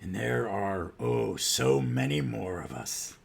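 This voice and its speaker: A man voicing a hulking undead male swamp brute, slow and mocking. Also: fairly low pitch, vocal fry, slight background noise, full character voice. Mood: menacing.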